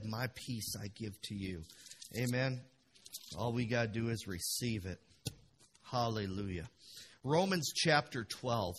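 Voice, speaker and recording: A man pastor preaching a passionate sermon in a church, dropping to a hush and then rising to loud bursts. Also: fairly low pitch, slight background noise. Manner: passionate, swings from hushed to loud.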